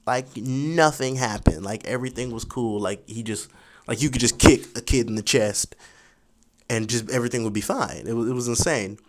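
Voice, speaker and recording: A young man in his twenties telling a school story casually, animated and full of fillers like "you know". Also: mid-range voice, normal speed, slight background noise. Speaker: vlogger.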